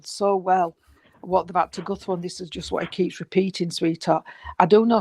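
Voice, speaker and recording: A spiritualist medium giving a gentle, reassuring reading, rambling and repeating, with many fillers. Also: mid-range voice, dry recording, rough recording. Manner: gentle, reassuring, calls the sitter sweetheart and darling. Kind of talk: mediumship reading at an online service.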